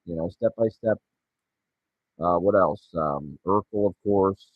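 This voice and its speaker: A man's voice: low-pitched, a little slow, slightly rough, dry recording, narrow, tinny audio. A man in his forties rambling and ranting sarcastically and profanely as he hosts his show solo. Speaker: podcast host. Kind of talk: solo casual rant.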